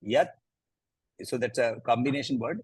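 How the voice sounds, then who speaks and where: A man with an Indian English accent teaching a scripture class, chanting verses slowly and then explaining them with lively emphasis. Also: medium pitch, slightly rough, no echo, low-quality recording. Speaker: Gita teacher.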